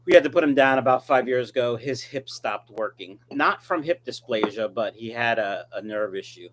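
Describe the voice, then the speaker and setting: A man chatting casually on a live stream, reading out viewer comments and riffing on them with jokes at his own expense. His pitch swings around a lot as he talks, rambling from one remark to the next. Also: lively intonation, moderate pace, a little hiss or hum. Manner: joking, rambling, self-mocking. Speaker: fish breeder hosting a live stream.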